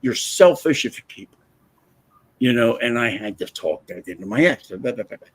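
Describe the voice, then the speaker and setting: Husky guy on a livestream, swears a lot, voice jumps all over when he gets going. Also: medium pitch, normal speed. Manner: profane, blunt and animated. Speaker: livestream host. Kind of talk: casual storytelling chat.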